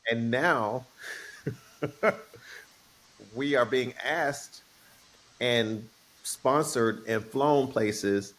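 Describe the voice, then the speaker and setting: A middle-aged man, a guest on an interview show, telling stories in a relaxed, playful way. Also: medium pitch, drawn-out words, pauses often. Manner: relaxed, playful, acts out quoted voices. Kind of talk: casual storytelling interview.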